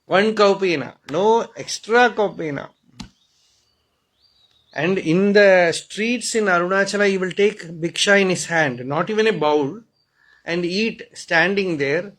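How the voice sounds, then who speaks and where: A man's voice: high-pitched, measured pace, fairly bright tone, low-quality recording. A man with an Indian accent giving a storytelling spiritual discourse, often checking in with his listeners. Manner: storytelling, asks "Hmm?" to listeners, chants Sanskrit verses. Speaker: spiritual teacher.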